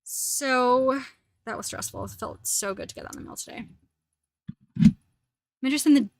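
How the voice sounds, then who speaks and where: A woman's voice: medium pitch, a little slow, pauses often, fairly bright tone, no echo. A woman hosting a casual livestream, chatting in a rambling way full of fillers. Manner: rambling, filler-heavy talk. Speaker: host.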